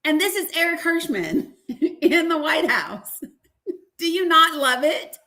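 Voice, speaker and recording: Her pitch is extremely high, yet she takes things slowly while hosting a casual livestream and reading a deposition aloud. Animated throughout, she laughs, curses frankly and chats with viewers, calling them y'all.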